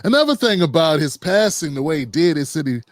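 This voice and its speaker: A man in his fifties, co-hosting a podcast panel, talking reflectively with frequent pauses and fillers. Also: on the high side, big pitch swings, dry recording, studio quality. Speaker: podcast co-host. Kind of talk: panel discussion.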